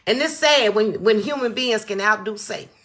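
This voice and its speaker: A woman with a bright, forceful voice, hosting a casual livestream from a small phone setup. She talks straight to her viewers and greets them by name. She hammers her point home by repeating phrases. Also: mid-range voice, normal speed. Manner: emphatic, repeats key phrases for stress; addresses viewers directly, greets chatters by name. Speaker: livestream host. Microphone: phone or small setup on a stand.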